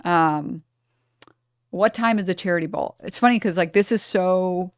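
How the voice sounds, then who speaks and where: A woman's voice: on the low side, normal speed, no echo. Blunt woman streamer, dry close sound. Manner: blunt, swears freely, talks straight to chat. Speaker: streamer reacting to a video. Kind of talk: casual live-stream commentary.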